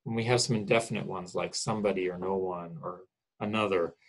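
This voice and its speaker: Husky-voiced man lecturing on grammar. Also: low voice, fairly even intonation, brisk, poor audio. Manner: explanatory, checks in with "okay?" and "right?". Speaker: college English instructor.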